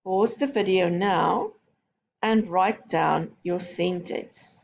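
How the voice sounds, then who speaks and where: A woman's voice: on the low side, slow pace, creaky. A woman teaching a recorded phonics lesson to young children, giving patient, step-by-step instructions. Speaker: primary school teacher.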